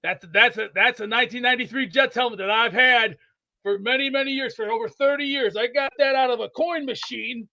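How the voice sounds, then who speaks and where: A man with a very high, bright voice rambles boastfully about his team, excitable and a little winded. The recording sounds dull and lo-fi. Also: brisk. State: out of breath from exercise. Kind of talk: rambling comedic sports chat.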